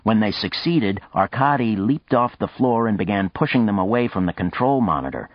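Deep-voiced man narrating a novel. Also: dry recording, dull audio. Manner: measured, even storytelling. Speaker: audiobook narrator. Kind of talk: scripted narration.

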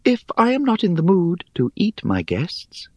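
A man doing a tiny ancient she-spider, airy little voice, high, lilting, teasing, storybook. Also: wildly swooping pitch, dry recording, heavily acted. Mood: wry. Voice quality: airy and small. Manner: teasing, unhurried, superior. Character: tiny white spider, female, ancient, wry and hungry.

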